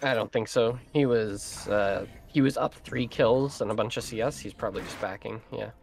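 A woman streaming an online game and making quick, casual callouts to her teammates. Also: very deep voice, creaky. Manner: quick callouts, excited when winning.

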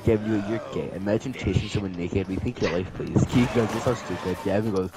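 A teenage boy with a fairly low voice talks fast while casually reading group-chat messages aloud to his friends, often breaking into laughter. It's relaxed gaming commentary with game music playing behind.

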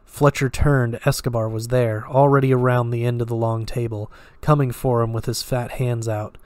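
A man's voice: mid-range voice, flat delivery, normal speed, a little mellow, clear, resonant tone, dry recording. Man reading a story in a dry voice. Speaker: story reader. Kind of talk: audiobook-style story reading.

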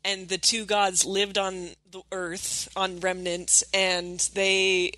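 A woman co-hosting a podcast, casually summarizing a plot in a quick, sarcastic way with lots of swearing. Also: medium pitch, flat delivery, bright, forceful tone, no echo, low-quality recording. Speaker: podcast co-host. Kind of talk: casual chat.

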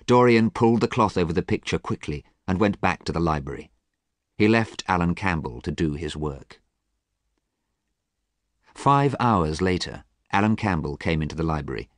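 A man narrating a storybook in a careful, measured way for learners. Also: low voice, no echo, clean studio sound. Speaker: audiobook narrator.

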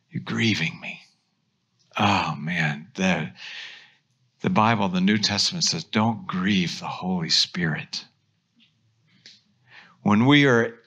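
A man, a pastor, preaching a sermon, swinging between animated emphasis and soft hushed asides. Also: mid-range voice.

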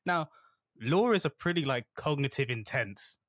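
A man's voice: medium pitch, expressive, moderate pace, fairly bright tone, no room sound, clean studio sound. A man hosting a podcast, asking questions casually with hesitant restarts. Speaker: podcast host. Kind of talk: casual interview chat.

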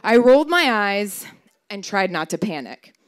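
A woman's voice: medium pitch, big pitch swings, measured pace, smooth. A woman in her thirties telling a true personal story on stage, wry and candid, swearing for comic punch. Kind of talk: live personal storytelling performance.

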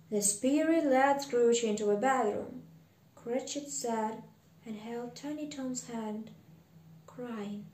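Woman reading a storybook aloud with chatty asides, high voice, roomy echo. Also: slow, dark tone.

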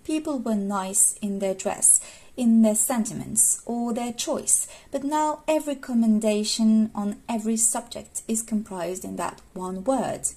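A woman with English as a second language reading the lines of a witty young gentleman who teases people over their word choices, slow and mock-pedantic. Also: on the high side, slightly rough. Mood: teasing. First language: not English. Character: witty teasing young gentleman, fussy about words.

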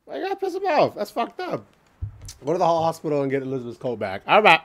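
A man casually commentating a video game playthrough, excitable and joking, swearing often and singing bits to himself. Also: on the high side, fast talker. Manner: excitable, swearing, jokey, sings snippets. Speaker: gaming channel host. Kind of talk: let's play commentary.

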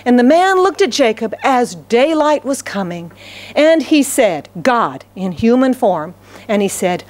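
An American woman pastor delivers a sermon in a church, her voice sitting somewhat high for a woman. She tells a homely story, breaks into laughter often, and acts out the lines of the people in it. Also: unhurried. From United States. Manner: storytelling, laughs often, animated acted quotes.

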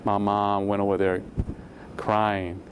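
A man's voice: lowish voice, monotone, slow, a little hiss or hum. Ask for a man telling an emotional testimony. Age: 20s. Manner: emotional storytelling, acts out dialogue with sudden rises. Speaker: guest. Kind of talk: testimony in a religious interview.

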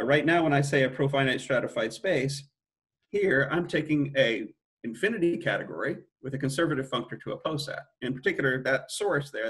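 A man's voice: medium pitch, a bit bright. A middle-aged man giving an academic mathematics lecture, thinking aloud with frequent restarts and self-corrections.

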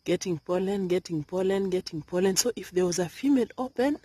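A woman filming her vegetable garden outdoors, talking softly in a half-whisper as she narrates. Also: fairly low pitch, a little fast, husky, no echo. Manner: soft, half-whispered, coaxing. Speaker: gardening vlogger.

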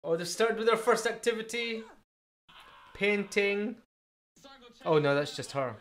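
A British reaction video host giving casual, chatty commentary, cracking quick jokes and laughing along while sizing up each new face. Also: mid-range voice. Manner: chatty, quippy, excitable, laughs at own jokes.

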